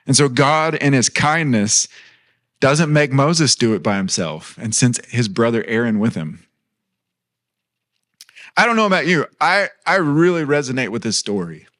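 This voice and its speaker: A man's voice: mid-range voice, sing-song, measured pace, a bit bright. A man in his thirties preaching a sermon in a church, earnest and conversational, mixing personal stories with light humor.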